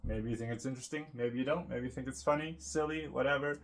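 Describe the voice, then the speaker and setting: A man's voice: medium pitch, fast talker. A man vlogging in a casual, meandering monologue, full of fillers and frequent laughs. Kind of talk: casual rambling monologue to camera.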